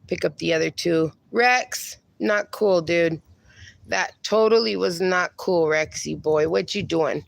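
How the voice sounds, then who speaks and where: A woman livestreaming in a casual, chatty way, talking to her dogs and to her viewers, her voice going hoarse. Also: on the low side, measured pace, no room sound. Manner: chatty, talks to her dogs and reads viewer comments aloud.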